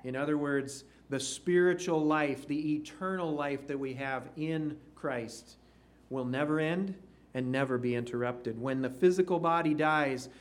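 A man's voice: on the high side, measured pace. A man preaching a sermon, reading scripture aloud and explaining it with rising emphasis. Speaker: pastor.

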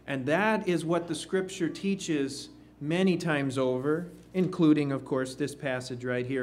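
A man preaching a sermon, slow and emphatic, with rising questions to the congregation. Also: on the high side, a little hiss or hum.

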